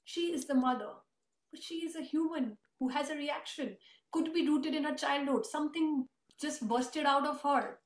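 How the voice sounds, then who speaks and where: A woman's voice: high voice, moderate pace. A woman telling an emotional family story in earnest, conversational tones during an interview. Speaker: host and author. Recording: roomy echo.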